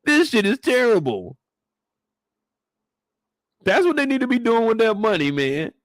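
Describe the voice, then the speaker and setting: A young man with an extremely high-pitched voice jokes his way through a comedic episode breakdown at an unhurried pace, with no echo. He's animated and profane, acting out the show's characters with plenty of swearing.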